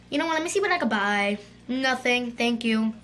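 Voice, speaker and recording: A woman hosting a gaming channel, giving excitable let's-play commentary and chattering to her viewers. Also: on the high side.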